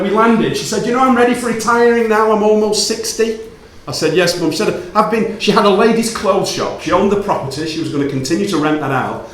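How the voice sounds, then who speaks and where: A man telling a personal story to an audience, playful and animated, acting out the dialogue. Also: sits high. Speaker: speaker giving a talk. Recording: roomy hall reverb.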